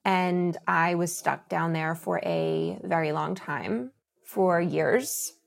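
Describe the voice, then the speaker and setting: A woman's voice: fairly low pitch, slow, creaky. A woman in her thirties hosting a solo podcast, talking in an earnest, open and confessional way. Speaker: podcast host.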